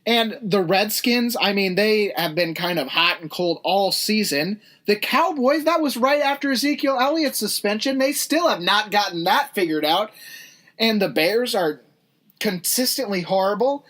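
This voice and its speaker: A man's voice: sits high, animated, fairly bright tone. A man co-hosting a sports podcast, ranting hard and a bit out of breath. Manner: fast, indignant ranting. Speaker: podcast co-host. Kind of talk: heated sports rant.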